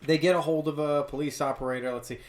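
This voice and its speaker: A man hosts a casual podcast in a slightly high-pitched voice, walking through a story's plot. His delivery is relaxed and he laughs easily. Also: quick pace. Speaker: podcast host. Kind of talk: casual podcast chat recapping a book.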